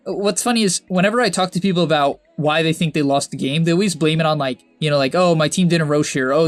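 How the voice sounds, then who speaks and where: A young man coaching over a game replay in casual, chatty commentary that bursts into exasperated shouts and laughter. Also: fairly high pitch, dry recording.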